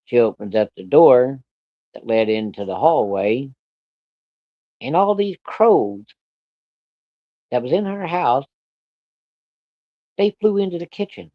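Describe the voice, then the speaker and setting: A man's voice: medium pitch, lively intonation, slow, long pauses, no room sound, dull audio. A man telling a personal story in a casual, plainspoken way, with plenty of profanity. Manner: plainspoken, profane, vivid retelling.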